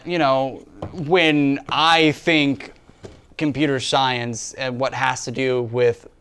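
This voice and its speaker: A young man co-hosting a casual student cooking show, making joking, deadpan asides. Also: mid-range voice. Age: young adult.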